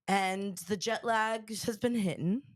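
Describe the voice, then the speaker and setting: A woman's voice: mid-range voice, steady tone, a little slow, no room sound, clean studio sound. A young woman hosting a podcast in casual chat, rambling with many fillers while her voice recovers from being lost. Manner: chatty, rambling, lots of fillers. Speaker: podcast host.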